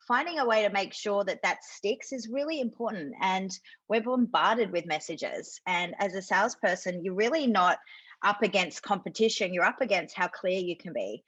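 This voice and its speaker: A woman's voice: mid-range voice, a bit bright, no room sound. British woman explaining on a video call. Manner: enthusiastic, explanatory, quick asides. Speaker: sales coach guest. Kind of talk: webinar conversation. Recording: dull lo-fi video call audio.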